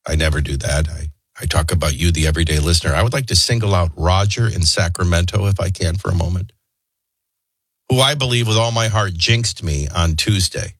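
A man's voice: sits low, fairly quick, fairly bright tone, breathy edge, no room sound. A man hosting a talk radio show, stuffy and congested, rambling in a wry, conversational way. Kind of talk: casual talk radio chat.

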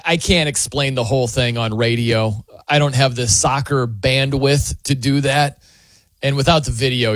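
A man hosting sports talk radio, chatty and animated, often laughing as he tells the story. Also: on the high side, no echo. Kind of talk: casual sports talk monologue.

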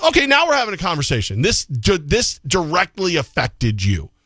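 Middle-aged guy rambling on a sports show, kinda high voice, dry close mic. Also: moderate pace, husky, no echo. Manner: rambling, animated, restarts often. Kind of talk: casual sports talk.

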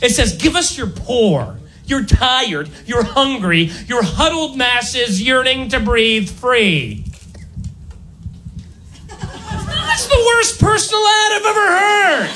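A man doing a stand-up routine, ranting loudly and jumping between low mutters and high shouts. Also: a little hiss or hum. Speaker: stand-up comedian.

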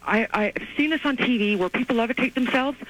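A woman calling in to a radio show over the phone, telling her story in an excited, rambling way with many restarts. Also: a little high, fast. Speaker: caller. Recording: tinny phone line.

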